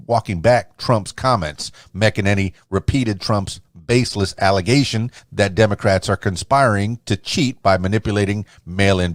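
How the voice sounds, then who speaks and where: Low-voiced man reading news headlines. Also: no echo, clean studio sound. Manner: reads headlines aloud with frequent slips and restarts. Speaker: podcast host reading news.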